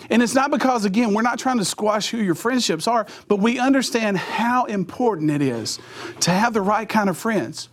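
A middle-aged man speaking to teenagers in a youth sermon. His voice sits fairly high, and he tells stories with energy, acting out sound effects and quoting his friends in their voices. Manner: animated storytelling with voiced sound effects and impressions.

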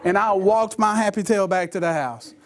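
Preacher guy telling a funny story in his sermon, kinda high voice, cracks himself up. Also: moderate pace. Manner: animated storyteller, laughs at his own jokes. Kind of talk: sermon with humorous personal story.

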